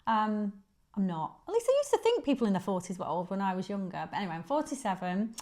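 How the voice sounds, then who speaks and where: A woman in her forties from Manchester, England, with a Northern English accent, chats casually as a guest, self-deprecating and saying "um" a lot. Her mid-range voice has a darkish tone, and she's very animated, speaking at a quick pace.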